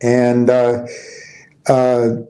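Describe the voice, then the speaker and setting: A man's voice: mid-range voice, completely flat delivery, extremely slow, mellow, poor audio. A man giving casual stock market commentary, reading headlines aloud and musing over them in a loose, tired way. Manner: loose, restarting sentences, tired and yawning.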